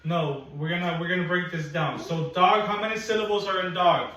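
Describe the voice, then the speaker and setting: A man teaching phonics one on one, patient and encouraging, slowly repeating sounds for a young learner in a classroom. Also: sits high, crowd noise. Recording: echoey room, mic at a distance.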